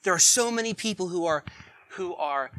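A man preaching a sermon in a conversational way, asking the congregation questions and swinging between loud emphasis and quiet asides. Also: high-pitched, lively intonation, normal speed, no room sound. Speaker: pastor.

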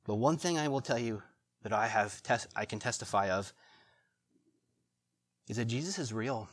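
A middle-aged man preaching a sermon as pastor, animated, swinging between loud bursts and hushed, tender passages. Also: on the low side, normal speed.

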